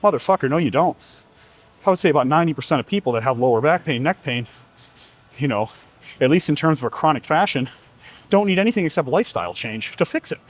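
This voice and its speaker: A man talking as a fitness coach in a blunt, heavily profane motivational monologue, firing off rhetorical questions while working out. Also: on the high side.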